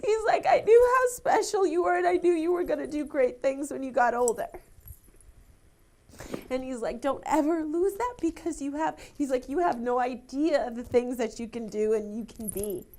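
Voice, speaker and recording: A woman's voice: high voice, moderate pace, darkish tone. A young woman working as a psychic medium, relaying messages emotionally, laughing and close to tears. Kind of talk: live TV psychic reading.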